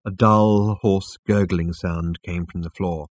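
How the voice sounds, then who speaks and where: A man narrating a storybook chapter in a slow, measured, dramatic reading. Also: sits low, steady tone, darkish tone, no room sound. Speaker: audiobook narrator. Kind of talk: scripted narration.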